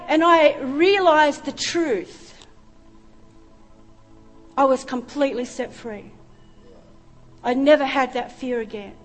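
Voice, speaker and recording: High-pitched aussie woman preaching, emotional testimony, long hall echo, soft music behind. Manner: emotional storytelling. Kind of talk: sermon testimony. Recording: reverberant hall with faint music.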